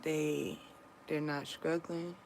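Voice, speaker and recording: A woman talking casually to her viewers in an earnest, comforting and reflective way, pausing often and restarting her sentences. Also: deep voice, flat delivery, creaky, a little mellow, a little hiss or hum, rough recording. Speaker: vlogger sharing a personal story.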